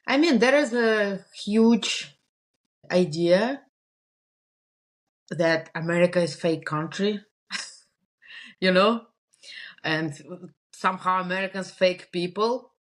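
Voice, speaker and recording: A woman's voice: lowish voice, slow, pauses often. A woman from Russia, a native Russian speaker with a Russian accent, chatting as a podcast guest, laughing often and restarting her sentences. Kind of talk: casual interview chat.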